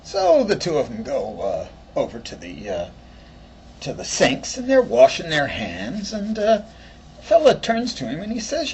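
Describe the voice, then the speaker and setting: A man telling a joke in a chatty, lively storytelling manner with fillers. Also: a little high, measured pace, a little hiss or hum, rough recording. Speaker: joke teller.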